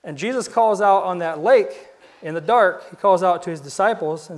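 A man with a high voice preaches a sermon in a loose, conversational storytelling way. He restarts phrases and repeats words, and he lowers his voice to a hush at the dramatic moments. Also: normal speed.

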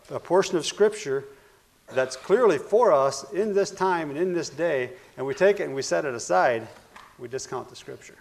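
Male preacher, gravelly, earnest sermon delivery with loud and soft swings. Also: medium pitch. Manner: earnest, repeats phrases, swings between loud and hushed.

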